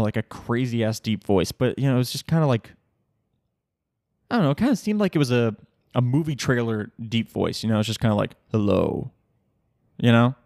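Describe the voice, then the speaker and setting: A man's voice: mid-range voice, no room sound. A young man talks through a loose solo podcast episode from a home setup, rambling, cursing and laughing at his own tangents. His voice sits in a middle range and comes across close and dry on the microphone. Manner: swearing, laughing, animated rambling. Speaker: podcast host. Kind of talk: casual solo podcast rant.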